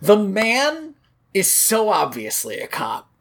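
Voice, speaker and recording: A woman's voice: medium pitch, slow pace. A woman co-hosting a casual podcast, recapping a movie with laughter and joking asides. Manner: animated, laughing, swearing, quoting lines in funny voices. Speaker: podcast co-host.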